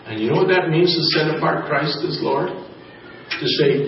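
A man's voice: on the high side, moderate pace. A man preaching a sermon, reading scripture aloud and checking in with his congregation in a conversational way. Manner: reads scripture aloud between remarks. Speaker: pastor. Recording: distant, dull, roomy sound with faint noise.

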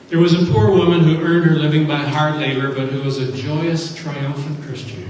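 A man preaching a sermon, lifting his voice with earnest emphasis on each scripture line. His fairly high voice comes from far off the mic. A large hall wraps it in long, roomy echo. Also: normal speed, noisy background. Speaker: pastor. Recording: echoey hall from a distance.

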